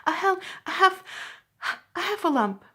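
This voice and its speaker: A tiny, fearful male piglet squeaks high above the storyteller's own voice, as a woman puts him on. He stammers and gasps his words in a frantic rush, loud with alarm. It is a storybook reading. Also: expressive, takes it slowly, full character voice. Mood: breathless. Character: small timid piglet, male, easily frightened.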